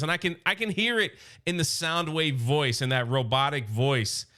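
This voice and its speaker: A man recapping a comic book in casual, excited commentary, openly biased toward his favorite character. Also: on the high side, moderate pace, hardly any pauses.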